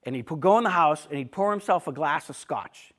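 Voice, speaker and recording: A man's voice: fairly high pitch, animated, a little fast. A middle-aged man, talking casually to an audience about his books, full of asides and restarts. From Boston area. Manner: storytelling, chatty, with frequent restarts and asides. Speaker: author giving a talk. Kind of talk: casual author talk to an audience.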